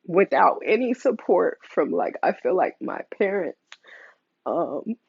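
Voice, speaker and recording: A woman's voice: fairly low pitch, big pitch swings, slow, vocal fry, breathy edge, no echo. Young woman, emotional confessional vlog, earnest and candid, dry dull lo-fi recording. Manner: earnest, open, many fillers. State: emotional, near tears. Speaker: mother sharing a custody story.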